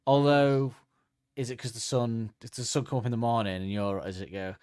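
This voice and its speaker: A man's voice: medium pitch, fairly even intonation, fairly quick, darkish tone, smooth, dry recording. A man chatting on a comedy podcast, joking and riffing, tossing in goofy voices now and then. His voice sits in an ordinary middle register. The sound is dry and close, with no room around it. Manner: joking, slips into silly put-on voices. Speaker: podcast co-host. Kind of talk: casual comedic chat.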